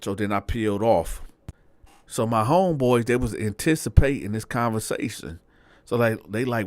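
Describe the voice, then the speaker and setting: Man, low voice, dry close sound, casual street-slang storytelling, animated quoted dialogue. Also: normal speed, no room sound. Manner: animated, acts out dialogue with big pitch jumps; slangy street talk, frequent "right?" asides.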